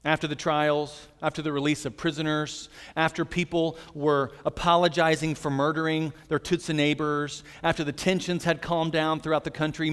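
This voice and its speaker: A man's voice: on the high side, clear, resonant tone. Earnest man preaching in a reverberant hall. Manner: earnest, gentle storytelling preacher. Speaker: pastor. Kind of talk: sermon.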